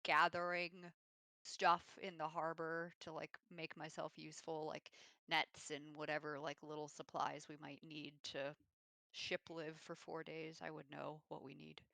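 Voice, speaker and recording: A player with a bright, sharp tone talks through plans at a tabletop game. The sound is close and dry, and the speech rambles on filler words. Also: medium pitch, monotone, measured pace, creaky, dry recording. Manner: filler-heavy, lots of "like". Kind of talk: casual tabletop play.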